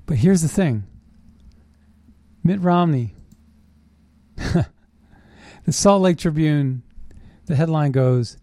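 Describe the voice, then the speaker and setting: A man's voice: on the high side, slow pace, long pauses, dry recording. Indignant man ranting politics. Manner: animated, indignant, sarcastic ranting. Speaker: political commentary host. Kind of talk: opinionated political monologue.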